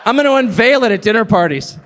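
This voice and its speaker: A man's voice: extremely high pitch, lively intonation, quick pace, a bit bright, in a large hall. A man giving a live stage speech, emphatic and joking, often drifting off on digressions. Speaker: guest speaker at a live event.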